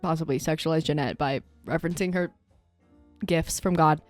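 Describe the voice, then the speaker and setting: A woman on a podcast trading deadpan jokes in casual chat. Her voice sits a little low and dry, close to the mic, with faint music underneath. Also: moderate pace, no echo. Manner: joking, deadpan quips. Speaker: podcast co-host.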